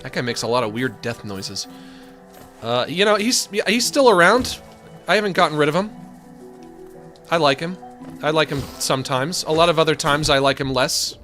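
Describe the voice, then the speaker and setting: A somewhat high-voiced man in his thirties streaming from home, chatting to his audience in a dry, sardonic way. His rants swing into exasperated outbursts, with faint game music playing behind him. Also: animated, moderate pace, pauses often, sharp tone. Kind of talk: casual live-stream chat while gaming.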